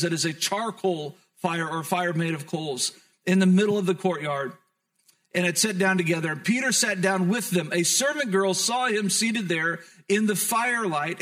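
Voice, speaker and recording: A man pastor preaching a sermon, moving between emphatic storytelling and soft, reflective tones. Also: high voice.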